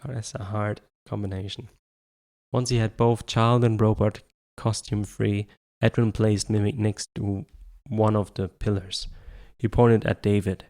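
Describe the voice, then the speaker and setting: A man's voice: on the low side, little pitch movement, unhurried, darkish tone. A man narrating an audiobook as an amateur reader, often stumbling and restarting words.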